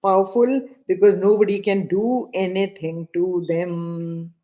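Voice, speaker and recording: Here the same kind of speaker, a middle-aged Indian English woman teaching scripture, has a mellow voice on the low side with a steady tone. Her spiritual discourse is unhurried and repetitive on key phrases, broken occasionally by slow chanting of verses.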